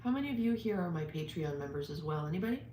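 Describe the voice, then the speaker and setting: Woman chatting on a livestream, kinda low voice, roomy echo. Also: expressive, racing, dark tone. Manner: chatty, greeting viewers and promoting her page. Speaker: livestream host. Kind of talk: casual livestream chat. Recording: echoey room with faint noise.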